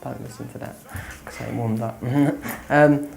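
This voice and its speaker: A man's voice: medium pitch, fairly even intonation, a little slow, gravelly, a little mellow. A young man in a pop band, musing offhandedly about his career in an interview. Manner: musing, offhand, trails off with "I suppose". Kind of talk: interview talk. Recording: music playing behind. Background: faint music.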